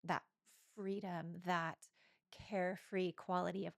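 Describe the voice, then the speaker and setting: Gravelly low-voiced woman, candid and reflective. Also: a little slow, no room sound, studio quality. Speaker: podcast co-host. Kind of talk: intimate conversation.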